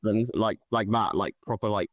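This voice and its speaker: A British man hosting a podcast in casual chat, rapid and full of restarts. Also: fairly low pitch, steady tone, dry recording. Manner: quick, restarts phrases often. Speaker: podcast host.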